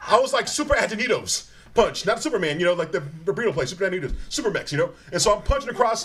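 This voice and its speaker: A man with a high-pitched voice spins rowdy comic stories for a live audience. He rambles, restarts his sentences and laughs through his own punchlines. Faint background noise sits under his voice. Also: animated, very fast, hardly any pauses. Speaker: guest comedian. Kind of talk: live comedic storytelling.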